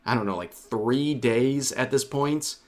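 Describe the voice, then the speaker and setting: A man's voice: mid-range voice, measured pace, darkish tone. Sardonic male commentary narrator. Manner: sardonic, wry asides. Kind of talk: scripted drama commentary.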